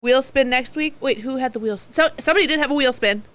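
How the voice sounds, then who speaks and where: A woman's voice: high voice, quick pace, a bit bright, no echo. A woman co-hosting a podcast, chatting casually and teasing with a laugh. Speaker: podcast co-host. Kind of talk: casual chat.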